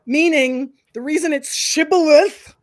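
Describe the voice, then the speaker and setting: A woman host chatting casually on a livestream, animated and opinionated, tossing in "like" and "right?" often. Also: high-pitched, measured pace. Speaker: host, professor and counsellor.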